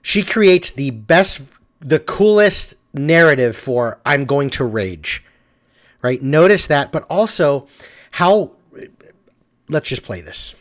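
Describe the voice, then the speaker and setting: A man's voice: fairly high pitch, big pitch swings, slow. A middle-aged man commenting on a tabletop game clip in a casual, emphatic way, repeating his advice.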